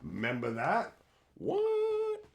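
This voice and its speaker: A man from Canada, in his thirties, chats loosely with his stream audience. His voice sits a bit high and swings widely in pitch as he swears, laughs and lurches into squeaky quoted voices. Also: wildly swooping pitch, drawn-out words, vocal fry, background noise. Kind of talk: casual livestream chat.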